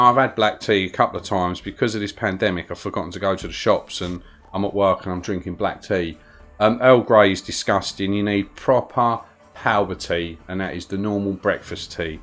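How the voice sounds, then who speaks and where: A man's voice: sits low, fairly bright tone. A man with a London accent giving chatty, rambling gameplay commentary on a live stream and greeting viewers in the chat as he plays. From London, England.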